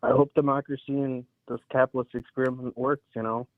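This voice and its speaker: A man's voice: medium pitch, level tone. Hesitant man on a tinny call. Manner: hesitant, halting restarts. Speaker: caller. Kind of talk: casual debate call. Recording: tinny phone-like call audio.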